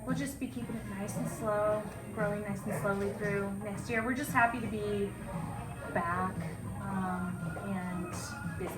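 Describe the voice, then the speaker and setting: A woman's voice: medium pitch, steady tone, measured pace. A woman who co-founded a salon, chatting casually in an interview, laughing easily and restarting her phrases. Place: echoey salon room. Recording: echoey room with loud background music.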